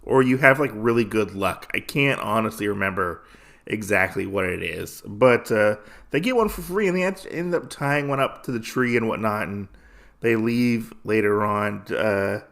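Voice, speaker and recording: A man's voice: on the low side, lively intonation, moderate pace, vocal fry, a bit bright. A man hosting a podcast, recapping a comic casually with lots of fillers and restarts. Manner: rambling, many fillers and restarts. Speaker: podcast host.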